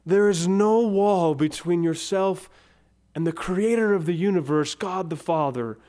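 A man preaching a sermon, slow and dramatic, his voice dropping to a near whisper on key words. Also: high-pitched, mellow. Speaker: pastor.

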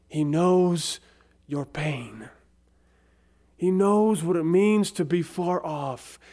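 A man preaching a sermon, slow and dramatic, his voice dropping to a near whisper on key words. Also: fairly high pitch, darkish tone. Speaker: pastor.

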